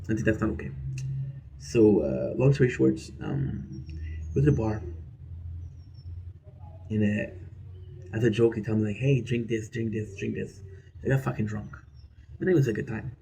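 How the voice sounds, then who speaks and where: A man with a gravelly, dark voice chats through a gaming stream. He rambles from story to story, says his phrases twice, and swears in an easy, offhand way. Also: on the low side, animated, moderate pace, pauses often, slight background noise, poor audio. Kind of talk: casual storytelling while gaming.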